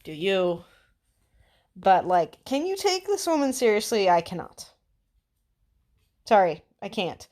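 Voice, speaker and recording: A woman's voice: medium pitch, big pitch swings, slow, pauses often, darkish tone. An American woman doing casual commentary, blunt, mocking and full of swearing. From United States. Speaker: commentary vlogger.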